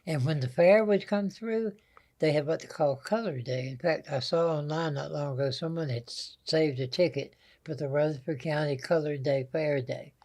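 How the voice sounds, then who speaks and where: Older Southern storyteller, higher voice. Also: male voice, normal speed, darkish tone. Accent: Southern American. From American South. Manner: folksy, anecdotal storyteller. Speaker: guest. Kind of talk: storytelling interview.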